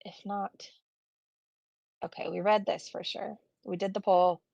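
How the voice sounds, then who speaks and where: A woman's voice: mid-range voice, little pitch movement, measured pace, vocal fry, darkish tone, dry recording, highs cut off. A woman doing casual live-stream commentary, chatting and reading viewer comments aloud with blunt, swearing asides.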